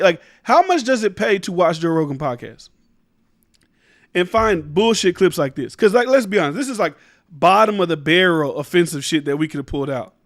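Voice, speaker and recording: A high-pitched man rants through his own commentary show. He talks emphatically, swears a lot and trips over restarts. The sound is close and dry, with little room echo. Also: animated, brisk. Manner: emphatic, rambling, profane, restarts mid-sentence. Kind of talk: casual opinion commentary.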